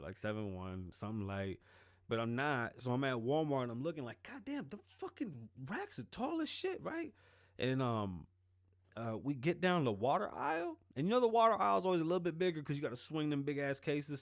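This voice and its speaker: A man's voice: mid-range voice, no echo, clean studio sound. A man hosting his own show in casual solo commentary, rambling and joking with a lot of profanity. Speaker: show host.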